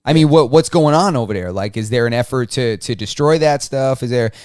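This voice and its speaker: A man co-hosts a podcast in a loose, rambling way, restarting his sentences and swearing casually. His voice is smooth and resonant. The recording is dry and close, with no room sound. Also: medium pitch, a little fast, darkish tone, no room sound. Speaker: podcast co-host. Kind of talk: casual chat.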